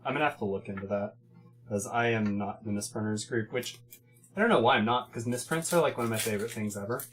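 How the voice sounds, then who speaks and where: A man's voice: fairly low pitch, quick pace. A man hosting a card pack opening, talking in an enthusiastic, chatty way. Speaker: host opening card packs. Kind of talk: casual chat.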